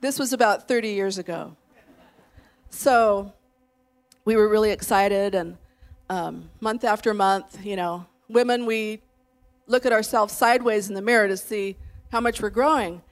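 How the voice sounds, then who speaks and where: A woman's voice: mid-range voice, a little slow. A woman in her late fifties preaching a sermon in a conversational way, leading her congregation and telling stories with self-deprecating asides. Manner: warm conversational preaching, leads the congregation in declarations. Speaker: pastor's wife preaching.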